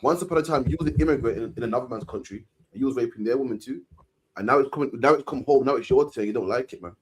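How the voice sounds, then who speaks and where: Fast-talking emphatic Englishman, ranting. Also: mid-range voice. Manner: emphatic, ranting, repeats "man" at line ends. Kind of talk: casual discussion.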